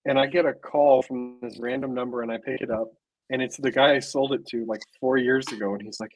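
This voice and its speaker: A man's voice: mid-range voice, steady tone, brisk, no echo, muffled recording. A man in a casual chat, telling a wry, blunt anecdote.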